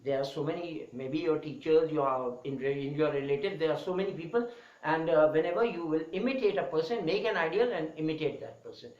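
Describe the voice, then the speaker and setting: A male English teacher with a Pakistani accent delivers a spoken English lesson in a fairly high voice. He swings his voice up and down for emphasis as he explains. The sound is dull and lo-fi, with a noticeable room echo. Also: brisk.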